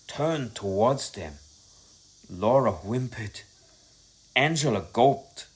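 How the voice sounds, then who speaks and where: A man reading a children's story aloud, dramatic and expressive. His pitch moves a lot as he tells it. He takes his time over every line. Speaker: narrator.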